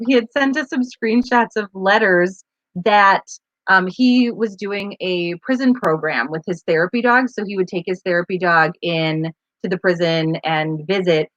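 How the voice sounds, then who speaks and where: On dull audio without echo, a woman with a mid-range voice co-hosts a live advocacy stream. Her casual live-stream chat rambles through stories, chatty and full of fillers.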